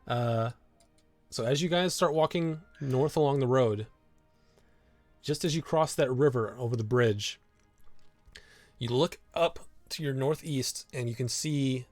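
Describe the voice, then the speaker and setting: A man narrating a tabletop game as game master, halting and restarting with many fillers. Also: mid-range voice, darkish tone, no echo, soft background music.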